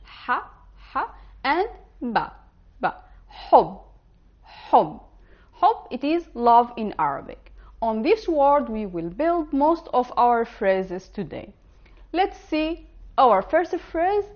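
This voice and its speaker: A woman teaching an online language lesson, slowly and carefully pronouncing the example words. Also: on the high side, big pitch swings, dull audio.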